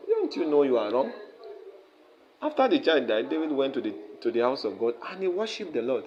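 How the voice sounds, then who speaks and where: A man's voice: mid-range voice, big pitch swings, a little fast, darkish tone, dull audio, slight background noise. A male pastor preaching, reading verses aloud and then retelling them in plain words while checking in with his listeners. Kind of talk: sermon, reading and explaining scripture.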